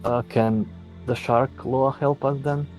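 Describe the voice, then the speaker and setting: A man's voice: mid-range voice, steady tone, takes it slowly, darkish tone, soft background music. A man playing a tabletop game, making offhand, joking remarks. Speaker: player. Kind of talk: casual tabletop game play.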